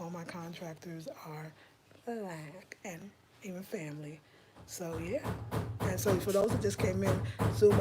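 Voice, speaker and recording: A woman hosting a home design live stream from her rented house, chatting excitedly with viewers and calling them y'all. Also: fairly low pitch. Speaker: home design channel host.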